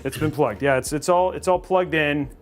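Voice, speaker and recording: A man's voice: on the high side, moderate pace, faint music behind. A man hosting a livestream PC build, chatting casually and joking about himself, with lots of "like"s. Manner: self-deprecating, joking, talks with many "like"s. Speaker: host.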